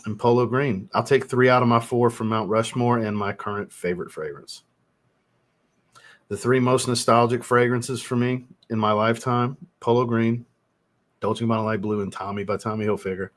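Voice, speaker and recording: A man hosting a fragrance livestream, chatting casually with viewers, laid-back, swearing freely and laughing often. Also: on the low side. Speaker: fragrance reviewer and channel host.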